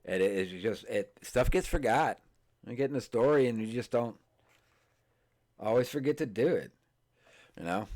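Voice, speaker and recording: A man hosting a tabletop game podcast, chatting casually and reading game rules aloud, halting often, restarting phrases and filling pauses. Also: medium pitch, expressive, a little mellow. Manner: halting, many fillers and restarts, stumbles over words. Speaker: podcast host. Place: streamed podcast setup.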